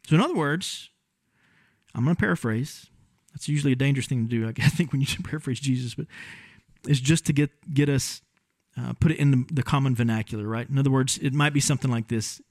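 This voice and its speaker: A man preaching a sermon in a conversational, animated way. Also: on the high side, moderate pace, creaky, no echo, clean studio sound. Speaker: pastor.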